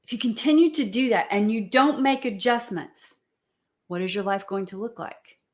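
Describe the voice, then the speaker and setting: A woman's voice: a little high, normal speed. A middle-aged woman coach leading a live-streamed talk, earnestly putting probing questions to her viewers.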